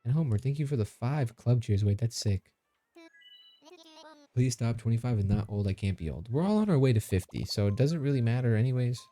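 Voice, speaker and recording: A man's voice: mid-range voice, expressive, fairly quick, dark tone. Laid-back joking man streaming. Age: 30s. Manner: joking, reads chat aloud, laughs often. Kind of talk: casual live-stream chat.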